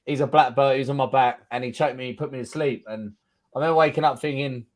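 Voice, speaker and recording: Speaking at a quick pace in a steady, medium-pitched tone, a London-accented man in his thirties from England shares his story as a guest fighter. The casual interview finds him blunt, swearing freely and acting out others' remarks.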